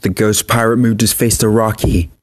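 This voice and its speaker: A man narrating a horror story in a steady, even scripted reading. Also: on the low side, moderate pace, dry recording, clean studio sound.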